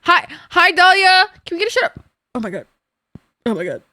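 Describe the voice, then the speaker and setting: A young adult woman streamer chatting casually while gaming, ranting in an animated, profane way. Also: extremely high pitch, a little fast, no echo, studio quality.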